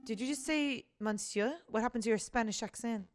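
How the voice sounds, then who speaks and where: A woman's voice: fairly high pitch, a little fast, soft background music, lightly acted. A woman reading a blunt male bird defense lawyer in a game, brusque and commanding. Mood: pressing.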